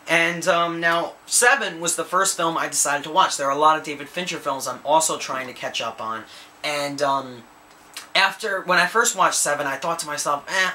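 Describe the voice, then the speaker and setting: A man hosting a casual movie review, his voice bright and forward with a slightly raised pitch. He rambles enthusiastically, restarting sentences and repeating himself as he goes. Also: slight background noise. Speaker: movie reviewer, channel host.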